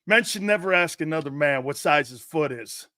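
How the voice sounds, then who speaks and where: A brash male sports talk host rants loudly in a high, sharp, bright voice, mocking and profane and often shouting. He's animated and speaks at a moderate pace, and the recording sounds close and dry.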